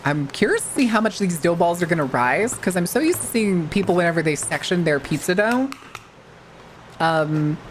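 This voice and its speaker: A woman streaming as a VTuber, talking in a loose, rambling way and cursing casually. Her voice sits fairly low, but her pitch swings widely as she reacts. She keeps the chat going with lots of "like"s. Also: a little hiss or hum. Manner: rambling, animated, swears freely, many "like" fillers.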